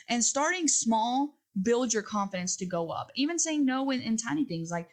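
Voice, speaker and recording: A woman's voice: fairly high pitch, animated, fairly quick, hardly any pauses. Woman rambling through a solo podcast episode, earnest and reflective, lots of restarts. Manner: rambling, earnest, self-reflective, with many restarts and acted-out quotes. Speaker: podcast host.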